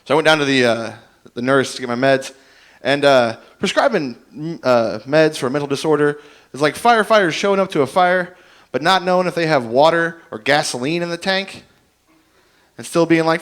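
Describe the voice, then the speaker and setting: A man's voice: on the high side, fairly quick, fairly bright tone. A young man doing a stand-up comedy set, rambling and self-deprecating as he tells stories and acts out both sides of each conversation.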